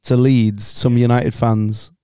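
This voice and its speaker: A man's voice: mid-range voice, little pitch movement, slow, warm tone, clear, resonant tone, dry recording, clean studio sound. A man from England co-hosting a podcast, bantering and joking in casual chat, swearing freely. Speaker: podcast co-host.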